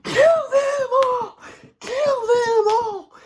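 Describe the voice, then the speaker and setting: A man voicing a manic male killer clown who chants in a shrill, drawn-out screech, loud and far above his own voice. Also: full character voice. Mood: manic chanting. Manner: chanting in slow, drawn-out cries.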